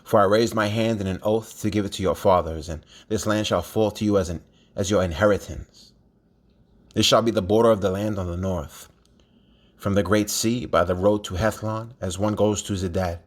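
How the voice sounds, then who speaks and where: A man reading scripture aloud at a steady pace, with a few slips and restarts. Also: fairly low pitch, moderate pace. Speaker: scripture reader.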